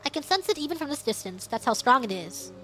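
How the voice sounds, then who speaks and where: A woman voicing a calm, solemn male psychic investigator in a game, speaking in measured, grave lines. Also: high-pitched, soft background music, exaggerated voice.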